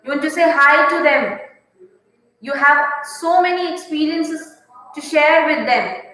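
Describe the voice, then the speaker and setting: A woman teaches a class of small children, repeating each point and quizzing them. Her voice is high and bright and she speaks slowly. The recording is very echoey, with a long reverb. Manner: slow, repetitive, asks children questions. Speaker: primary school teacher. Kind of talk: online class lesson reading a poem.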